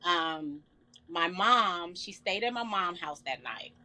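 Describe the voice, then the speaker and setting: A middle-aged woman telling an emotional personal story in an interview, earnest and halting with many fillers. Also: fairly low pitch, lively intonation, sharp tone. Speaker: guest.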